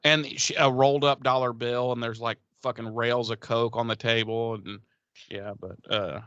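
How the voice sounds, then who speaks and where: A man's voice: mid-range voice, fairly even intonation, normal speed, pushed and bright, clean tone, no echo, muffled recording. A man casually recapping a TV episode on a podcast, rambling, swearing and acting out the characters' lines. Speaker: podcast co-host.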